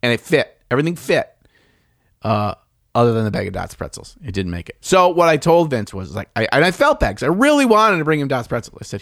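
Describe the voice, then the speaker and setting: Casual podcast co-host, male, mid-pitched, laid-back rambler who swears freely, dry close sound. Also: sing-song, a little fast, fairly bright tone, dry recording. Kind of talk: casual chat.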